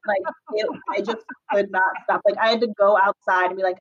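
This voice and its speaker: Talking fast with hardly a pause, a young Southern California woman who teaches at a public school chats through an interview, full of fillers and frequent laughs. Her mid-range voice is breathy with fairly even intonation, and the recording's highs are cut off.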